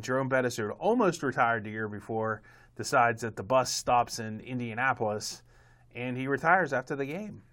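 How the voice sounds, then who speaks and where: A man's voice: medium pitch, fairly bright tone. A man co-hosting a casual sports podcast, rambling along with plenty of fillers and chuckling at his own asides. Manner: rambling, self-amused, many fillers. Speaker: podcast co-host.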